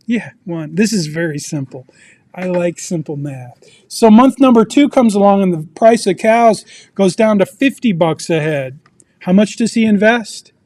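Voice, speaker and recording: A man's voice: high voice, mellow, dry recording. A man presenting a personal finance lesson to a group, telling a story and quizzing the audience as he goes. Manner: asks the audience questions, storytelling. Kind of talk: interactive teaching talk. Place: video meeting.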